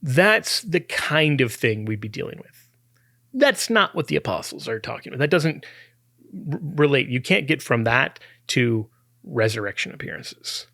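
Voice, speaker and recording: A man's voice: medium pitch, big pitch swings, moderate pace, gravelly, sharp tone, no room sound, studio quality. A man hosting a talk podcast, explaining an argument in a conversational way with restarts and small chuckles. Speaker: podcast host. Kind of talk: apologetics talk.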